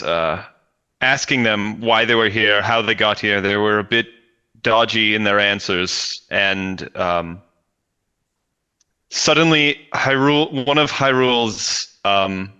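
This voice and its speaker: A man voicing an earnest paladin who explains himself haltingly, with many restarts, in a tabletop game. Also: fairly low pitch, bright, forceful tone, smooth, exaggerated voice. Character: earnest male paladin, town protector.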